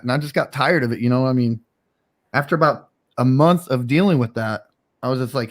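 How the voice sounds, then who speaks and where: A man's voice: medium pitch, fairly quick. Chill guy streamer rambling thru a story, uh's everywhere, ordinary middle voice. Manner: rambling, laid-back storytelling with frequent fillers. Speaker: streamer host. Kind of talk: casual livestream chat.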